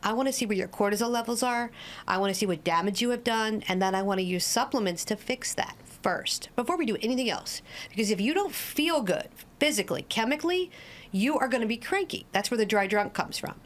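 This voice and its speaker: A woman's voice: on the high side, animated, a little fast. A woman in her forties, an addiction coach and podcast guest, explaining her methods in a direct, no-nonsense way with everyday examples. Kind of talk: podcast interview.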